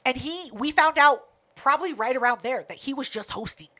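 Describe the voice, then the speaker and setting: A woman's voice: high-pitched, animated, brisk, bright, forceful tone. A woman co-hosting a podcast, retelling a night out in a casual, profane chat full of quoted back-and-forth. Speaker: podcast co-host.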